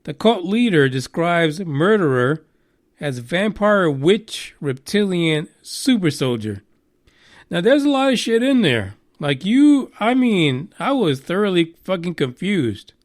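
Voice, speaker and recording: A man's voice: sits high, slow pace, no room sound, studio quality. A man hosting a live podcast in casual, joking chat, swearing freely and going off on tangents. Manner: profane, joking, animated. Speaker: podcast host.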